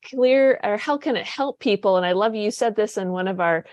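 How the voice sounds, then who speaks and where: A woman's voice: mid-range voice, normal speed, darkish tone, no room sound. A woman hosting a casual interview, talking in an eager, rambling way with frequent restarts. The sound is close and dry, with no room around her. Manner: chatty, enthusiastic, many restarts. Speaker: podcast host.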